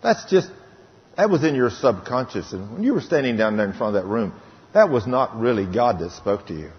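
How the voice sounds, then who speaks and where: A man's voice: mid-range voice, sing-song, fairly quick, natural voice. A man voicing the enemy as a sly evil spirit who talks in a dismissive, sneering way. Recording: dull recording in reverberant hall.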